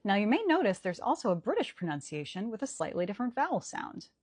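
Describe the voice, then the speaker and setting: A woman teaching in a clear, emphatic way, her voice slightly breathy. Her pitch moves a lot as she stresses points. The sound is close and dry. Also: big pitch swings, fast talker, darkish tone, dry recording. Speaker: Shakespeare teacher. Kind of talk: educational explainer.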